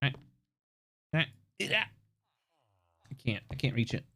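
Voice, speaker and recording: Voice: mid-range voice, big pitch swings, measured pace, creaky, bright, forceful tone. A livestreamer giving casual, joking gameplay commentary, swearing freely along the way.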